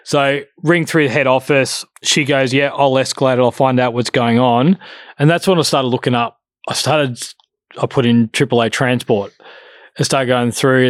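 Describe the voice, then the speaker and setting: A man's voice: mid-range voice, no room sound, studio quality. A man telling a story in casual chat, swearing freely and acting out both sides of the conversation.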